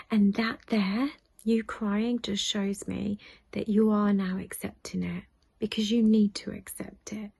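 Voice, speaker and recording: A British woman talks through a hard personal story in a husky, gravelly voice that often sinks to a near whisper. She is middle-aged, halting, and close to tears. The sound is dry and close. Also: medium pitch, little pitch movement, a little mellow, no echo. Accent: British English. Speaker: vlogger.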